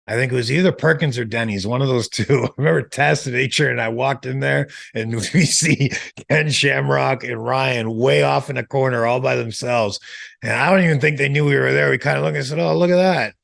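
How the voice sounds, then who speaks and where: A middle-aged man, a former wrestler, telling relaxed, rambling stories in an interview. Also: mid-range voice, fairly quick, creaky. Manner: relaxed, rambling, many restarts. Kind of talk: casual storytelling.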